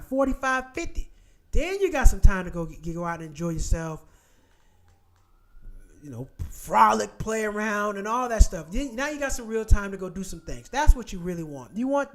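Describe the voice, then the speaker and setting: A man's voice: very high voice, fairly bright tone. A man hosting casual commentary, emphatic and blunt, repeating his points. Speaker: host.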